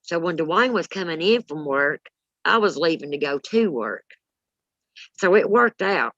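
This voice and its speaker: A woman, telling a story in a blunt, salty and animated way. Her voice sits low, and the sound is close, dry and a little muffled. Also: measured pace, no room sound. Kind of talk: casual storytelling chat.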